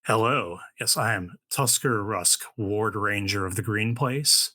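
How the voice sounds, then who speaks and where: A man appearing as a podcast guest, speaking in a measured, slightly theatrical way. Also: lowish voice, pushed and bright, no echo. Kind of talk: casual podcast talk and read intro.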